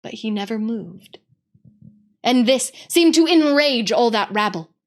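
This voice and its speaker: Lady reading a storybook out loud, slow and dramatic, lots of ups and downs. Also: a little high. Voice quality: expressive, dramatic. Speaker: read-aloud host. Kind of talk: storybook read-aloud narration.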